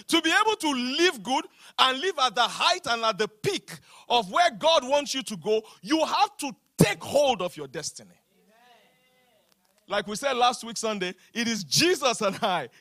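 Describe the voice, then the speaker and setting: A man preaching a sermon, calling for the congregation to repeat lines and slowing down to stress his words. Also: extremely high pitch, big pitch swings, pushed and bright, no room sound, clean studio sound. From Nigeria. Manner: emphatic preaching with call-and-response, slows down to stress lines. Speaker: pastor.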